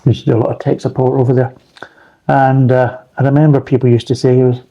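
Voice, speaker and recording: A man's voice: medium pitch, little pitch movement, quick pace, mellow, lo-fi sound. A man reviewing beer in a rambling, blunt casual chat, swearing freely.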